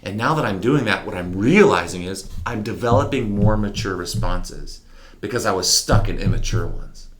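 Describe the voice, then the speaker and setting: Interview guest, male, very deep voice, candid reflective storyteller, animated delivery. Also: normal speed. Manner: candid, animated, mimics horn sounds.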